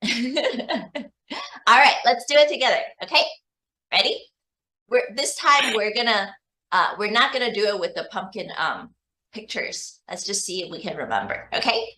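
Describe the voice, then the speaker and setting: A woman English teacher tutoring a young child one-on-one, asking slow, patient, deliberate questions. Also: on the high side, expressive, bright, forceful tone.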